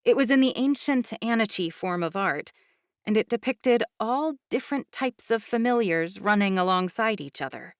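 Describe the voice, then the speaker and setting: An audiobook narrator, a woman, reads a fantasy novel aloud in scripted first-person narration, telling the story evenly and clearly. Her voice is medium-pitched at a moderate pace, in a dry, clean studio recording.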